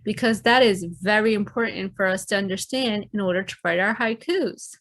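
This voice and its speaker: A woman teacher giving a recorded lesson to children, explaining clearly and addressing them directly. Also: medium pitch, moderate pace, fairly bright tone.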